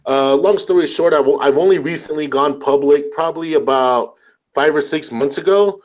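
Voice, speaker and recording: Man, casual talk panelist; animated storyteller, swears, keeps saying "man"; voice on the high side. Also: normal speed, dull audio. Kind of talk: casual chat.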